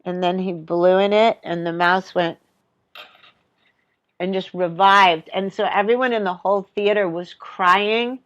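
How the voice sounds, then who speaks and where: A woman in her fifties, a podcast guest telling animated stories, acting out voices, swearing and laughing. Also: medium pitch, a little slow, highs cut off. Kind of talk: casual chat.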